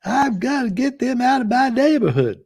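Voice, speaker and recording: A man voicing a simple-minded rural backwoods man who grumbles in a slow drawl with broken grammar. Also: extremely high pitch, sing-song, creaky, a little mellow, husky, pitched above the performer's own voice, full character voice. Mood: grumbling.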